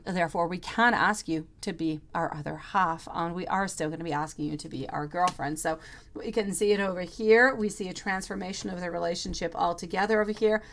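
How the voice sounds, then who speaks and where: A woman's voice: lowish voice, creaky. A woman reading tarot on a live stream for viewers, talking in a chatty, rambling way and calling them sweetie and my lovely.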